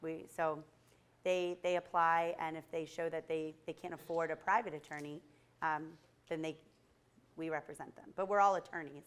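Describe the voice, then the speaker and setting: A woman public defender answers a student in a courtroom with a lowish voice. She talks plainly and casually about her work. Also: steady tone, normal speed, clear, resonant tone.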